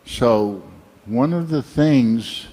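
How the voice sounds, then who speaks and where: A man in his seventies from the United States, giving a slow, earnest and heartfelt sermon full of personal anecdotes. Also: medium pitch, animated, dark tone. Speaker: guest speaker at a temple program.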